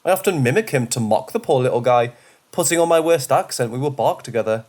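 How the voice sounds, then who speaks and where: Male narrator for true ghost stories, steady and measured, medium pitch. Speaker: storyteller. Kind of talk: scripted horror story narration.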